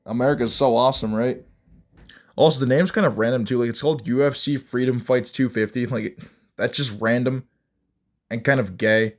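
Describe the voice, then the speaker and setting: At a normal speed and medium pitch, with intonation that stays fairly even, a young man offers rambling fight commentary. He's an MMA vlogger whose casual rant is blunt and mocking, full of restarts.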